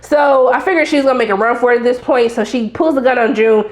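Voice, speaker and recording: A young woman giving a casual, animated TV episode recap, talking back sassily to the characters. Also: on the high side, fast talker, echoey room. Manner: animated and sassy, acts out reactions to the characters. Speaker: TV recap reviewer.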